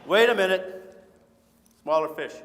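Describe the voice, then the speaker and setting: A man from Michigan runs a nature talk for a family audience, cracking jokes and getting everyone to repeat words back to him. His voice sits high for a man. The sound carries the long reverb of a large hall. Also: lively intonation, measured pace, fairly bright tone, a little hiss or hum. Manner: playful, call-and-response, sings short songs. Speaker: nature educator. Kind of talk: live audience presentation for families. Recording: echoey hall.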